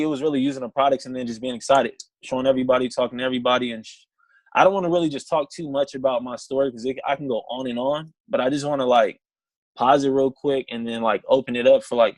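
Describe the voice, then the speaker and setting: A young man on a video call, telling his story in a casual, animated way and acting out both sides of phone calls. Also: medium pitch, dry recording, rough recording. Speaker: distributor sharing his story on a team call.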